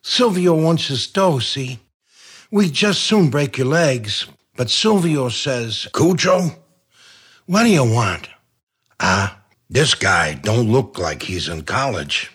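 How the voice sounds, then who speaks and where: A man's voice: medium pitch, expressive, slow, fairly bright tone, breathy edge, full character voice. A man voicing a scrappy, hot-headed small-time male thug who talks like a movie gangster. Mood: blustering. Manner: tough-guy gangster talk.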